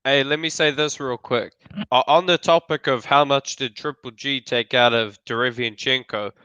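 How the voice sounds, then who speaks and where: A man's voice: medium pitch, fairly even intonation, normal speed, sharp tone, clean tone, no echo, muffled recording. A man co-hosting a boxing podcast, talking in emphatic, rambling runs. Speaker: podcast co-host. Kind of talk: casual podcast chat.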